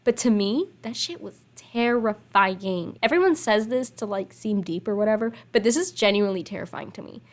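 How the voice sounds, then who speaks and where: A woman's voice: mid-range voice, lively intonation, normal speed, few pauses. A young woman casually commenting on her life-sim game, chatty and rambling, swearing offhand and apologizing between asides, into a desk microphone at home. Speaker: gaming channel host. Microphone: desk USB microphone.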